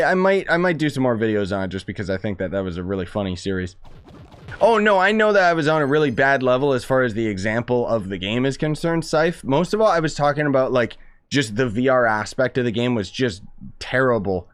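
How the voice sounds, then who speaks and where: A man's voice: medium pitch, big pitch swings, fairly quick, clear, resonant tone, no room sound. A man streaming a game, chatting casually, rambling and joking with lots of restarts. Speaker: gaming streamer. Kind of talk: casual gameplay chat.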